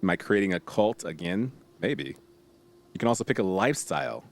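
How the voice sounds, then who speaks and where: Playful low-voiced man streaming a strategy game. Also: fairly quick. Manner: playful, jokey, chats with viewers, bursts of excited exclamations. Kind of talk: casual game commentary, reading tutorial text aloud.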